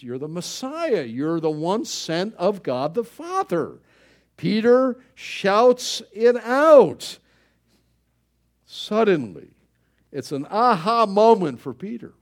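Animated male preacher. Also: a little high. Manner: animated preaching, rising for emphasis, many fillers. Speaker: pastor. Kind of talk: sermon.

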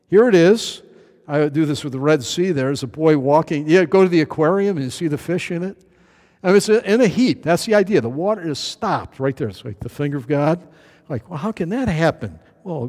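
Male pastor, high voice, casual anecdotal sermon full of ums and restarts, acts out quotes; long hall reverb. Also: darkish tone. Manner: chatty, anecdotal, many fillers and restarts; acts out quoted voices with big pitch jumps. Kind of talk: sermon, verse-by-verse Bible teaching.

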